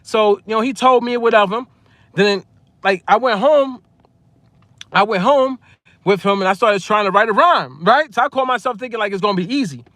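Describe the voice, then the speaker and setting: A New man in his forties spins a casual story straight to camera, his voice pitched notably high for a man. He talks in an animated way, repeats his phrases as he goes and chuckles often. The sound is close and dry, with no room around it. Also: moderate pace, no room sound. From Long Island, New York. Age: 40s. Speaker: music producer and vlogger.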